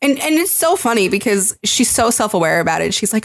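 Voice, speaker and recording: A woman's voice: fairly high pitch, sing-song, brisk, gravelly, few pauses, no room sound, clean studio sound. A woman co-hosting a podcast, chatting casually, teasing her co-host and laughing often. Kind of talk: casual chat.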